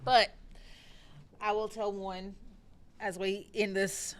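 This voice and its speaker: A woman, co-hosting a podcast and telling a childhood story in an unhurried, deliberate way. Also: mid-range voice, little pitch movement. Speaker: podcast co-host. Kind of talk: casual storytelling.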